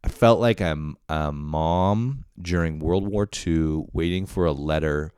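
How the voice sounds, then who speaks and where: Low, smooth-voiced man rambling on a podcast. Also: takes it slowly, darkish tone, no room sound, studio quality. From Canada. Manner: rambling, profane, self-deprecating, with frequent laughs. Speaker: podcast host. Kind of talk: casual solo podcast monologue.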